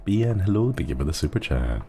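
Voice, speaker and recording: A man's voice: deep voice, big pitch swings, fast, mellow, faint music behind. A man streaming a game, chatting casually and thanking viewers while resting a strained throat. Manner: rambling, chuckles often, thanks viewers. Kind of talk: casual gaming stream chat.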